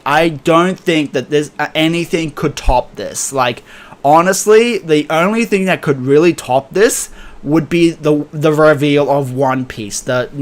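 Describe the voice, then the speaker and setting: An excitable young man recaps a comic in a casual, rambling reaction, piling on fillers and swearing. His voice sits mid-pitched and he laughs often between thoughts. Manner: excitable, heavy fillers, profane, laughs a lot. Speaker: manga reviewer.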